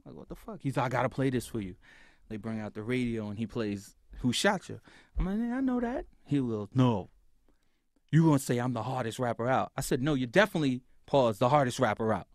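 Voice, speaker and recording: A man telling a story as a podcast guest, acting out what other people said and getting louder at the heated parts. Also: medium pitch, big pitch swings, a little fast, no echo, clean studio sound. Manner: acts out others' lines with swings in loudness. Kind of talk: animated storytelling.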